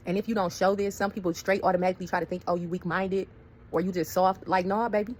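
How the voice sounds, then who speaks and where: Fast-talking woman telling a wild story. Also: fairly low pitch, steady tone, darkish tone. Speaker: storyteller vlogger. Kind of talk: casual storytelling vlog.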